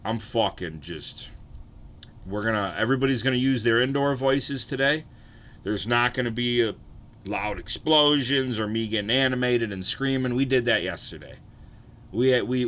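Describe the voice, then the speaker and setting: A young adult man chatting casually and profanely on a live stream, rambling and tired, keeping his energy low. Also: bright, forceful tone, slight background noise.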